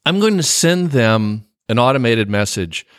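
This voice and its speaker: A man hosting a podcast interview, animated and laughing often. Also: medium pitch, a little slow, no room sound, clean studio sound. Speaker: podcast host.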